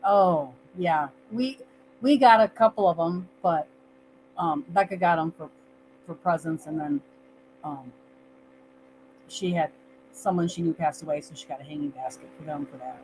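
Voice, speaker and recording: A woman's voice: low-pitched, moderate pace, pauses often, darkish tone, slight background noise, low-quality recording. A woman co-hosting a casual live stream over a video call, chatty and a bit apologetic, with light laughs. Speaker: co-host.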